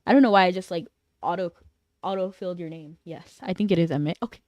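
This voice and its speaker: A woman's voice: on the low side, fast, darkish tone, no room sound. A young woman chatting casually on a livestream, playful and teasing as she banters with her chat.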